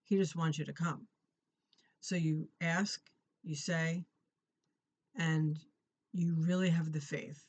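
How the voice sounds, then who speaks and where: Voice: mid-range voice, steady tone, takes it slowly, pauses often, husky, highs cut off. A middle-aged parent sharing a personal prayer testimony to encourage viewers, talking earnestly and conversationally, often repeating and restarting phrases. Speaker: Christian encouragement vlogger.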